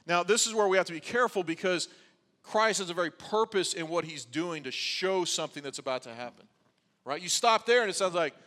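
Pastor, male, high voice, conversational preaching with dry jokes, long church reverb. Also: fairly quick, fairly bright tone. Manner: conversational preaching with wry asides. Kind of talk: sermon.

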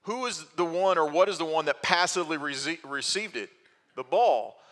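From the pulpit, a pastor gives an expository sermon, working through a passage with rhetorical questions and small restarts. His bright voice sits a little high, and he sounds animated at a normal speed. A long hall reverb carries the sound.

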